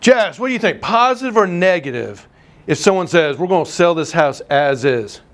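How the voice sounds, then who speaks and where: A man teaching a live real estate class, telling stories and teasing the room. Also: high-pitched. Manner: animated storyteller, teasing, quick asides. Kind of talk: live class lecture with anecdotes.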